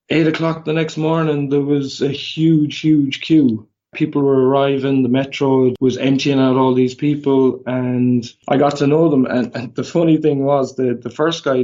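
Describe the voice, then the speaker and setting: Irish man telling lively anecdotes. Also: medium pitch. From Ireland. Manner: animated, quick anecdotes with quoted dialogue. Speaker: podcast guest. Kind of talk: casual storytelling. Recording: slightly dull lo-fi audio.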